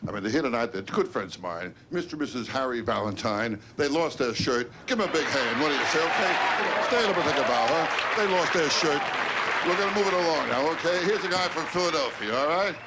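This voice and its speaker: A male host runs a comedy show with brisk, coaxing introductions, pushing the crowd for applause. His voice sits a bit high. He is heard live with an audience and noise around him. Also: expressive. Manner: brisk, coaxing, repeats "okay?". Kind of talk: emcee introduction.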